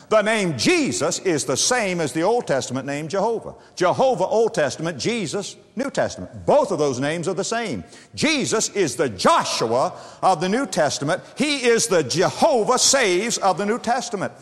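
Male preacher, dramatic sermon delivery, lively swooping voice, slightly high, long hall reverb. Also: moderate pace. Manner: dramatic, swooping pitch and volume, repeated phrases.

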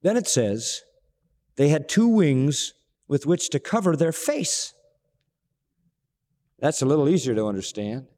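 Man, preacher, sermon, dramatic, hushed lows to ringing highs, very animated pitch, long hall reverb. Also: a little slow, pauses often.

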